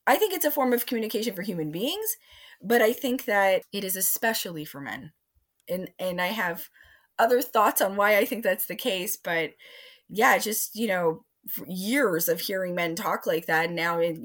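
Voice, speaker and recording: Animated woman acting out quotes. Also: medium pitch, normal speed. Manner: expressive, acts out quoted voices. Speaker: sex educator and relationship coach. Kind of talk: animated interview talk.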